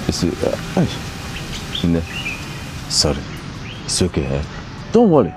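An actor with a Nigerian accent playing a father who calms his upset daughter in a film drama. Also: low-pitched, a little slow, loud music behind the voice, exaggerated voice. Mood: soothing. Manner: soothing, rambling. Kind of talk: film acting.

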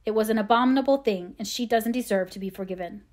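A woman's voice: medium pitch, lively intonation, fairly quick, lightly acted. Woman voicing fiery Jo, a hot-tempered girl. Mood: gruff. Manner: passionate, stern outbursts.

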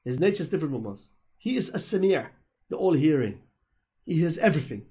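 A man with a fairly high, warm, husky voice speaks briskly with big pitch swings. On an online voice call, he tackles questions in a religious polemic, preachy and emphatic, driving points home through repetition.

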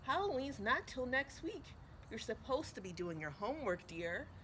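A woman voicing a patient frog mother in a storybook, gently teasing and scolding, over a noisy background. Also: on the high side, sing-song, normal speed, pitched above the performer's own voice.

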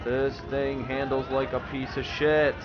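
A man's voice: medium pitch, flat delivery, a little slow, highs cut off, over loud music. A young man swearing and ranting in exasperation as he comments on his own gameplay. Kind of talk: let's-play commentary.

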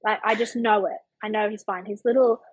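Podcast guest, woman, 30s, breathy, higher voice, vivid storyteller, dry close sound. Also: fairly quick, no room sound, poor audio. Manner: animated, vivid retelling with many fillers and acted-out thoughts. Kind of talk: personal storytelling in a casual chat.

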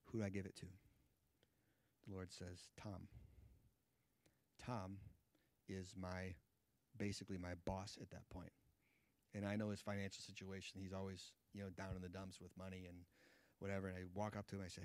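Preacher in his 30s, low voice, lively storytelling, dry sound. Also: normal speed, long pauses, no echo. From United States. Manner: lively storyteller acting out dialogue. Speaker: guest Bible teacher. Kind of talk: sermon storytelling.

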